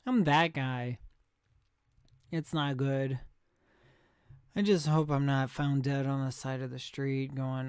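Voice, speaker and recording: A man's voice: mid-range voice, fairly even intonation, takes it slowly, long pauses, clean tone, dry recording, clean studio sound. A young man live streaming, chatting in a rambling, easygoing way with his viewers and laughing at himself. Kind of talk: casual chat reacting to chat.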